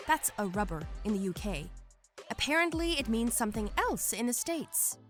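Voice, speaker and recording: A woman narrating Reddit posts as a lively scripted storytelling read. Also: a little high, normal speed, soft background music.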